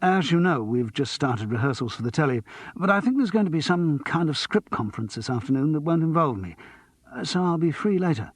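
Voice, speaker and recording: A man's voice: fairly high pitch, lively intonation, a little fast, breathy edge, no echo, pitched above the performer's own voice. A man voicing a middle-aged male actor who speaks politely and with hesitation.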